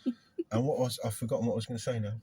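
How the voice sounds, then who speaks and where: A middle-aged man, a gardener hosting a casual vlog chat in a van, loud and rambling. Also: mid-range voice, steady tone, very fast, slightly rough, no echo. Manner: loud, chatty, rambling, self-deprecating. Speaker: gardening business owner, vlog host. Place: inside a van.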